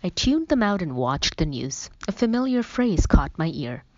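Low voiced woman reading a story, wry and chatty, dull dry lo-fi sound. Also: very animated, moderate pace, darkish tone, no echo. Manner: wry, conversational. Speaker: audiobook narrator. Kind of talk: first-person storybook narration.

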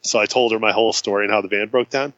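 A man casually telling a road-trip story in a chat, acting out the voices of the people he met with big jumps in pitch. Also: steady tone, rapid-fire, fairly bright tone, lo-fi sound. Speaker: guest.

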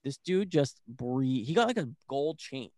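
A man's voice: mid-range voice, measured pace, no room sound, studio quality. Rambling young man, casual sports chat. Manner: excitable, rambling, heavy use of "like". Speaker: sports podcast co-host.

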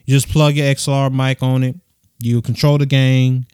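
A young man hosting his own casual solo podcast, talking softly and rambling with slang, swearing and lots of fillers, recorded on a USB microphone into his phone. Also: level tone, moderate pace, clean tone, no room sound, clean studio sound. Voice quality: soft, low-key voice. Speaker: podcast host.

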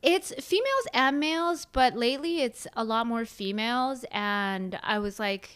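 A young woman, talking casually as a life coach guest, full of "like" fillers and animated asides. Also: fairly high pitch, normal speed, clear, resonant tone. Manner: chatty, frequent "like" fillers, animated. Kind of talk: casual interview chat.

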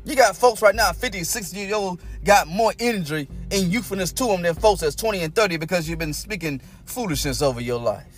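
A man's voice: brisk, few pauses. Exhorting preacher man with faint music. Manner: swings from loud exhortation to low intimate talk; folksy, repeats phrases, speaks in tongues. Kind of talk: sermon.

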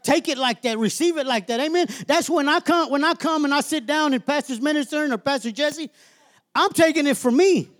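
High-voiced preacher, emphatic and repetitive. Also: male voice, fairly quick, few pauses, fairly bright tone. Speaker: minister. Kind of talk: sermon.

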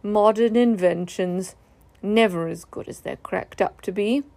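A mournful old donkey grumbles at a slow, dragging pace, as a woman reading a storybook puts him on. The voice sits lower than the rest, with a gravelly, muttered quality. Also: a little mellow. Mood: grumbling.

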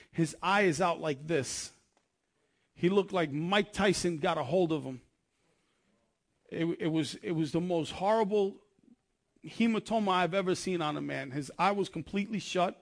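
A man with a gravelly, somewhat high voice tells his testimony from the pulpit. He speaks in an earnest, conversational way and often stumbles and restarts mid-sentence. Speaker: preacher giving a testimony. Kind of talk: sermon testimony storytelling.

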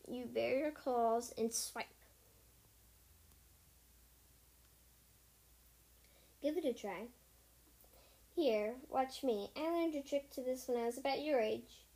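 A woman's voice: high-pitched, dark tone. A woman voicing a proud, worried she-cat warrior in a first-person storybook reading, with small slips as she reads. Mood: instructing.

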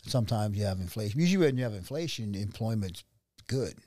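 A middle-aged man, a restaurant owner who tells his story in an animated way and acts out the voices of other people. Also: fairly low pitch, quick pace, dry recording, studio quality. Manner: animated, acts out quoted dialogue. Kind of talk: conversational storytelling.

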